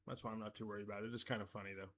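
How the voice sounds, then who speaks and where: A man's voice: fairly low pitch, steady tone, rapid-fire, a bit bright, slight background noise. A man hosting a casual live stream, talking loosely as he goes, often breaking off mid-sentence and chuckling at his own asides. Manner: rambling, self-interrupting, easily amused.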